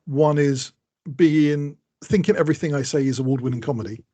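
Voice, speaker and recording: Husky, higher-voiced man chatting. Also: brisk, mellow, lo-fi sound. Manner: rambling, self-mocking, laughs mid-sentence. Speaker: podcast co-host. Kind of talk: casual chat.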